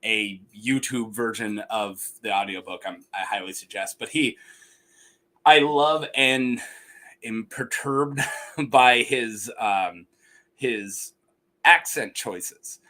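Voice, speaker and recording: Young male host, casual chat, bright forceful voice, chuckles through rambling stories. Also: fairly low pitch, takes it slowly. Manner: laughs often, rambling, mimics voices. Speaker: podcast host.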